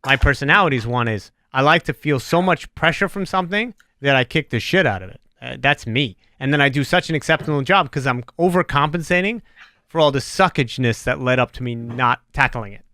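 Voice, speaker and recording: A man hosting a podcast, rambling through jokey, animated tangents in casual chat. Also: mid-range voice, brisk, dry recording, clean studio sound. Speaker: podcast host.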